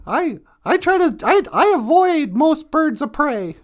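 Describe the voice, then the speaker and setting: A friendly grown-up neighbor who hands out advice, as a male storyteller puts him on. He talks chattily, stumbles on his words and jokes along the way. The voice sits high. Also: sing-song, a little slow, full character voice. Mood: chatty. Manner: chatty, hesitant.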